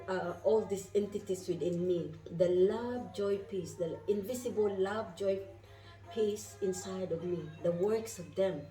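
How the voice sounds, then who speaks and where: Woman, spiritual travel vlog, effusive, mellow, roomy echo. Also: medium pitch, recorded from a distance. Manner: effusive, repeats questions to viewers. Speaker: vlogger. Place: inside a moving car.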